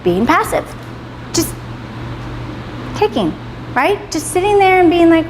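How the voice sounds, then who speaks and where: A woman's voice: very high voice, very animated, measured pace, long pauses. A woman in her thirties running a motivational class, talking emphatically, swearing freely and ending points with "right?". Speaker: class leader. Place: salon in a roomy hall. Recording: reverberant room, faint background noise.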